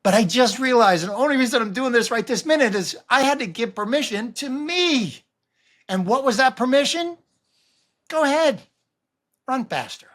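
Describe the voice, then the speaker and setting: A man in his sixties who runs a running vlog, talking casually and rambling to camera, with animated swings and frequent restarts. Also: very high voice, a little fast. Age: 60s. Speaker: running vlogger.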